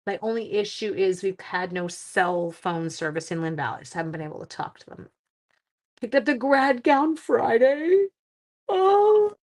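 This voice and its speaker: A middle-aged woman, chatting on a live stream while crafting, warm-hearted and getting teary. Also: mid-range voice, expressive, normal speed. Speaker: livestream crafting host.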